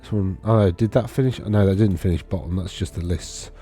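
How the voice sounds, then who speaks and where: Over soft background music, a man with a low-pitched, warm voice talks fairly quickly. He's a wargaming video host giving casual screen-share commentary, rambling through tournament data on his screen and correcting himself as he thinks aloud.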